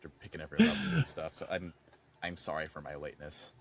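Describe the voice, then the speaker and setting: A man co-hosting a podcast, chatting casually with animated, expressive swings in his delivery. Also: very deep voice, quick pace, husky. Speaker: podcast co-host. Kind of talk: casual chat.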